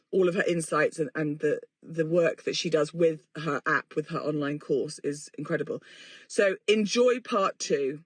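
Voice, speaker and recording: A woman's voice: on the low side, a bit bright, slightly rough, no room sound. A woman, hosting a podcast in a rambling, self-mocking and sweary casual chat. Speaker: podcast host. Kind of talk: casual chatty monologue.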